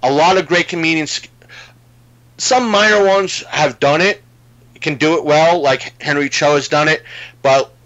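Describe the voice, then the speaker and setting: A man's voice: fairly high pitch, measured pace, a bit bright, dull audio. A man in a casual podcast chat, retelling a comedy bit in a rambling way, full of fillers and restarts.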